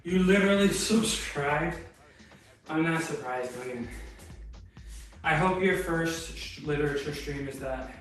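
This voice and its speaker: A man's voice: fairly high pitch, a little slow, pauses often, a bit bright, heavy reverb, far from the mic, faint music behind, rough recording. A man streaming from his home garage gym, chatting casually with viewers between lifts, out of breath and laid-back. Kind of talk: casual chat with live chat while lifting.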